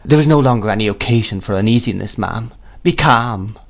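Man voicing meek male doctor, soft-spoken, deferential, gentle, storybook reading. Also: on the low side, fairly quick, gravelly.

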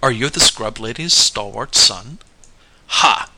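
A man's voice: mid-range voice, moderate pace, creaky, noisy background, lightly acted. A man voicing a rude, brusque young man in a story reading, talking in blunt, exclamatory bursts. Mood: gruff, brusque.

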